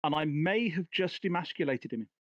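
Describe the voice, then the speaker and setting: A man playing in an online tabletop game, dry and wry, pausing with fillers as he decides his moves. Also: fairly high pitch, expressive, dry recording, dull audio. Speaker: player.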